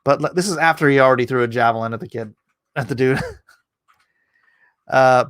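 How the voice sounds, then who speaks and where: A man's voice: mid-range voice, brisk, long pauses, fairly bright tone, clear, resonant tone, no echo. A man reading scripture aloud on a casual livestream, breaking off to joke and greet chat viewers by name. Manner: laughs at his own asides.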